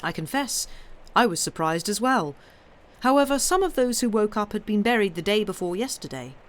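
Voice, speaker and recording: A woman reading a short story aloud, measured, with the occasional slip and correction. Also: mid-range voice, lively intonation. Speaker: reader.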